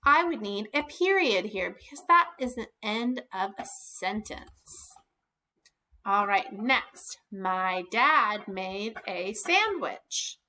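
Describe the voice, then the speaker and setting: A woman teaching a kindergarten lesson on video, speaking slowly and clearly, encouraging the children. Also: high-pitched, pushed and bright. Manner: slow, clear and encouraging, stretching words for small children. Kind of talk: recorded lesson for young children.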